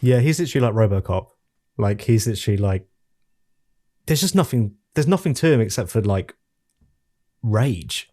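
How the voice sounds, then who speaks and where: A man co-hosting a casual game-review podcast, telling stories in an animated, exasperated way. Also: medium pitch, normal speed, pauses often. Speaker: podcast co-host. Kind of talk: casual chat.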